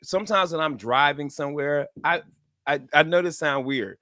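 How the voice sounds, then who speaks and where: A man's voice: fairly high pitch, normal speed, bright, forceful tone, no room sound, clean studio sound. A man co-hosting a comedy radio show, laughing hard and talking in loose slangy banter. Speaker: radio co-host.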